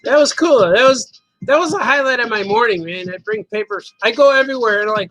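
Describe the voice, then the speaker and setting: Reading viewer comments on a casual livestream, a host and cartoonist talks at normal speed with long pauses in a very high, slightly bright voice. His storytelling rambles playfully, broken by frequent giggles and words repeated for effect. Faint music sits behind a dry, low-quality recording.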